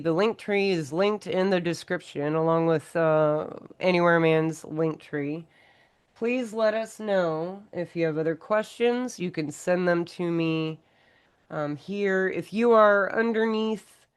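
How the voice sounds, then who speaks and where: A woman hosting a casual livestream chat from home, talking in an unhurried, thoughtful way. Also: fairly low pitch, clean tone, no echo. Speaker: host of a live stream.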